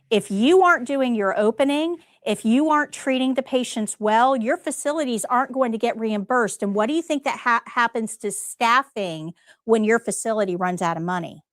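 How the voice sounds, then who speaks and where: A woman's voice: on the high side, no echo, clean studio sound. Emphatic woman teaching a nursing class. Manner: emphatic, talks straight to students with rhetorical questions. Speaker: CNA test prep instructor. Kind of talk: live class lecture.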